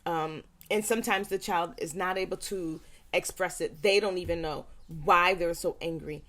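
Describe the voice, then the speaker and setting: A woman parent educator speaking earnestly to parents, stressing points by repeating them and acting out quick quoted lines. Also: fairly low pitch, fairly even intonation, a bit bright. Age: young adult. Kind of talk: talking to parents.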